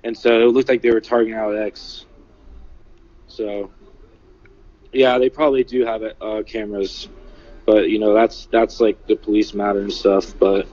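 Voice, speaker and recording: A man telling what he witnessed in a casual livestream, halting and full of "like" and "you know". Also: on the low side, dark tone, lo-fi sound. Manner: halting, filler-heavy, many "like" and "you know". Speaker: eyewitness recounting an event. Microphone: phone.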